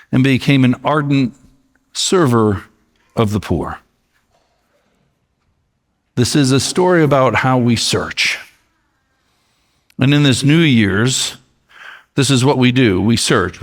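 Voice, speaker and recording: A man's voice: medium pitch, big-room sound. A male pastor giving a sermon in a conversational, storytelling way, recorded in a church sanctuary.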